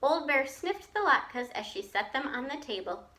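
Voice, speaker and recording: A woman teacher reading a children's picture book aloud, slowly and expressively, pausing to explain to her listeners. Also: sits high. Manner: slow, expressive storytelling with asides to listeners.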